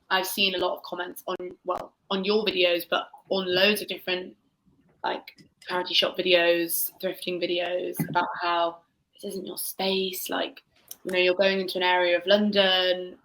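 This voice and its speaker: Female podcast host, bright and forceful tone, animated interviewer. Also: on the low side, poor audio.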